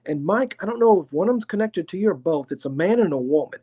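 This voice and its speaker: A man with a Tennessee accent gives a live spirit reading in a voice pitched a little high for a man. He talks slowly and chattily, hedging each impression before moving on. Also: expressive, dark tone, highs cut off. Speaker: clairvoyant medium.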